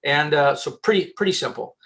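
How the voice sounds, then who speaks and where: Man, headhunter guest, lively and joking, many restarts, slightly high voice. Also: brisk. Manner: animated and joking, with frequent restarts. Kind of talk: casual advice in a podcast interview.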